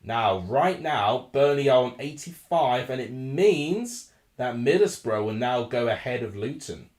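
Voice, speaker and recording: A man hosting a live football watchalong, excitable and flustered, swinging between ranting and calm analysis over a desk microphone. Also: medium pitch, a little slow, reverberant. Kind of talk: live match commentary and chat.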